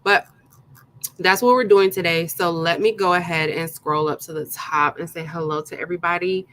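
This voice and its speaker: A woman's voice: fairly low pitch, steady tone, moderate pace, a bit bright, rough recording. A woman hosting a live craft tutorial, chatting casually and greeting her viewers one by one by name, with plenty of ums along the way. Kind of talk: casual live-stream chat.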